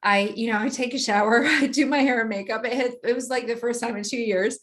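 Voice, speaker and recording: A woman guest in an interview, telling a personal story in a vivid, animated way and often laughing. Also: on the high side, fast talker.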